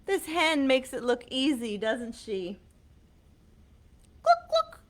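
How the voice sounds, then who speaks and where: A woman librarian reading a picture book aloud to small children, animated and coaxing, asking them questions, recorded on a webcam. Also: fairly high pitch, a little slow. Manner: animated, sing-song, coaxing questions to kids.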